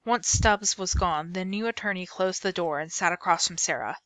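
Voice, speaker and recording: A woman reading a middle-grade novel aloud in an expressive storybook manner. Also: fairly low pitch, moderate pace, dry recording. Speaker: book reader.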